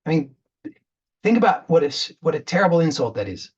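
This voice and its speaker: A man's voice: on the high side, big pitch swings, a little fast, a little mellow, breathy edge, muffled recording. A man giving a spiritual talk as a coach, earnest, often repeating words and restarting as he retells a parable.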